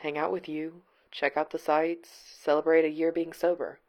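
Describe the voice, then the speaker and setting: A woman's voice: low-pitched, flat delivery, moderate pace, a little mellow. A woman reading aloud, voicing a fragile, diffident young man who speaks in a subdued way.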